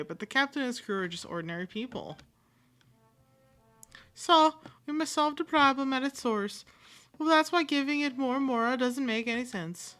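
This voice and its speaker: A woman reads game dialogue aloud and does a voice for each part. Her tone is bright and sits a little high. She jumps between voices and accents, sometimes with pirate flourishes. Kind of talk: playful voicing of game dialogue.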